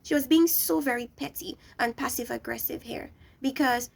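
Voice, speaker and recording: A young woman with a high voice and a gravelly edge, ranting through a reality show review. She scolds bluntly and talks straight at the people she criticizes. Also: normal speed. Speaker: reality TV recap vlogger.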